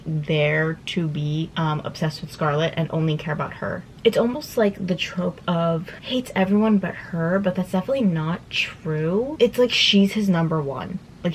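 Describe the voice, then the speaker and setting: Young woman, low voice, rambling filler-heavy chat, faint room hiss. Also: rough recording. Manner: chatty, rambling, lots of fillers. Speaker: book vlogger. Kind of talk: casual vlog chat.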